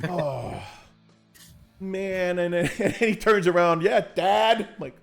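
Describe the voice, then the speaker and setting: A man telling funny stories in casual livestream chat, animated and quoting others in different voices. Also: sits high, slow, soft background music. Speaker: co-host.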